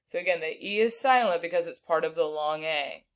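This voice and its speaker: A woman teaching a recorded spelling lesson, patiently sounding out each word slowly. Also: low-pitched. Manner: patient, slow sounding-out of words.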